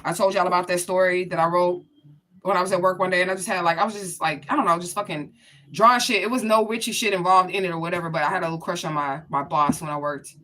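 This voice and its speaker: A woman's voice: lowish voice, fairly even intonation, fast talker, a bit bright. A woman giving a casual spiritual reading to her viewers, blunt and profane, talking straight to them. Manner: blunt, profane, chatty, addresses viewers directly. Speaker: spiritual reader.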